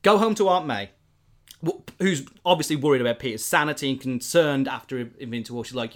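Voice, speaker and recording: A man's voice: mid-range voice, a little fast. A man, casually and animatedly retelling a film plot, rambling with lots of fillers.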